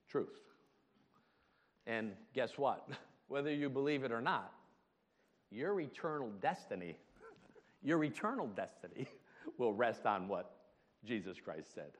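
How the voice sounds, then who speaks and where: A man preaching a sermon as pastor, emphatic and full of rhetorical questions, laughing often between points. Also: fairly low pitch. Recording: long hall reverb.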